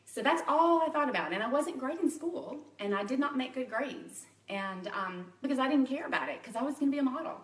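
A woman's voice: high voice, expressive, a little fast, hardly any pauses, roomy sound, far from the mic. A woman in her forties from Louisiana, chatting openly and personally in a live video to a private group, often laughing at herself. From Louisiana, USA. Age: 40s. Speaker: makeup artist and direct sales consultant.

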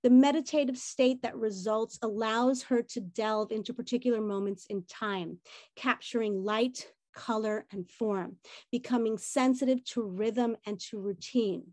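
Woman host, slightly high voice, dry close sound, formal read-out introduction. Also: a little slow, darkish tone, no echo. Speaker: event host.

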